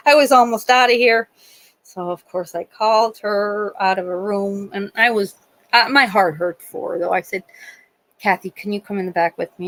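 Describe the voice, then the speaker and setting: A middle-aged woman who works as a nurse, hosting a live stream and telling stories in casual chat, animated and acting out the voices of people she quotes. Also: medium pitch, normal speed, poor audio. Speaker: livestream host.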